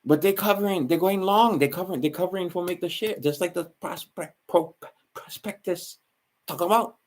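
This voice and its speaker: A man with a high voice and a Hawaiian Pidgin accent hosts a channel, talking at normal speed with a little hiss or hum in the recording. His solo monologue meanders, full of self-corrections and remarks to the listener.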